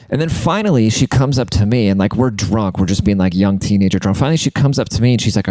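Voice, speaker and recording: A man hosts his podcast and rambles through crude comedic stories, leaning on "like" as he goes. His voice sits a little low with a warm, dark tone. The sound is dry and close, with no room around it. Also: expressive, quick pace, few pauses, no echo. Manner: rambling and crude, heavy use of "like". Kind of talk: casual comedic storytelling.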